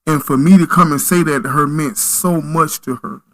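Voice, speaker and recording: A man's voice: on the high side, steady tone, moderate pace, poor audio. A man as a podcast guest, telling stories in an earnest, preacherly way. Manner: earnest, preacherly, emphatic storytelling. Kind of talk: storytelling in conversation.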